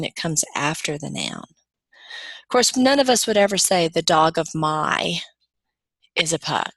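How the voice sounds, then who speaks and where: A woman's voice: lowish voice, no room sound. A middle-aged woman giving a recorded grammar lecture, explaining patiently with small restarts.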